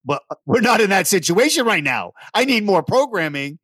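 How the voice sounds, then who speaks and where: A man's voice: high voice, sing-song, moderate pace, fairly bright tone, slightly rough, no room sound, clean studio sound. A man hosting a podcast, talking in a laid-back, chatty and enthusiastic way. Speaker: podcast host. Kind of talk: casual podcast chat.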